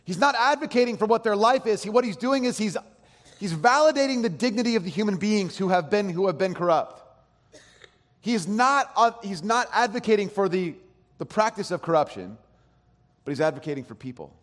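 A man preaching a sermon as pastor, animated, swinging between hushed and loud. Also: high voice, brisk. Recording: long hall reverb.

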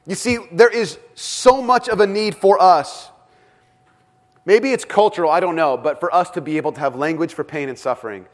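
A man preaching a sermon as pastor, dramatic in delivery and often dropping to a hush for emphasis. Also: sits high, moderate pace. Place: church with several rooms.

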